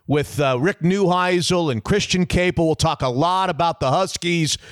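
A man in his fifties hosting a sports radio show, telling a story loudly and with lots of energy. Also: a little high, normal speed, no room sound, studio quality. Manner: loud, animated storyteller. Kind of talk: casual chat and storytelling.

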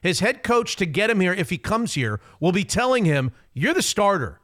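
A man hosting a sports radio show, talking in an opinionated, emphatic, rapid way. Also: sits high, sing-song, fairly bright tone. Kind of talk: casual sports talk.

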